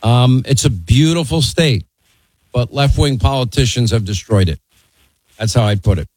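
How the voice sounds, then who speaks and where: A man's voice: medium pitch, normal speed, darkish tone, no echo, poor audio. A middle-aged man hosting a call-in talk radio show, blunt and opinionated as he teases his callers. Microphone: studio microphone.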